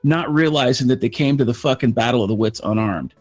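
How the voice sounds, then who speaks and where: A man's voice: mid-range voice, fast. A man co-hosting, speaking in an emphatic, crude way in casual chat.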